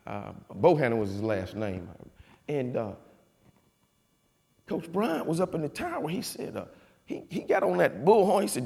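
A man, a former football player giving a folksy, animated testimony with a preaching cadence. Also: a little high, moderate pace, gravelly, pauses often, breathy edge. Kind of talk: storytelling speech. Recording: long reverb of a hall.

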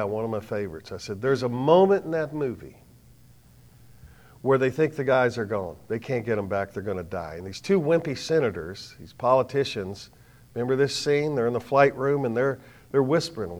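An older man giving a sermon as storytelling, swinging from hushed lines to loud bursts with dramatic pauses. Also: mid-range voice, animated. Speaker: speaker.

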